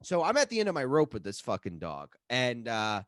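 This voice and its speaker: A man co-hosting a comedy podcast, telling a profane story with lots of swearing and shouted reenactments. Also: medium pitch, fairly quick, no room sound, clean studio sound. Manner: profane, animated, acts out his own yelling. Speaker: podcast co-host.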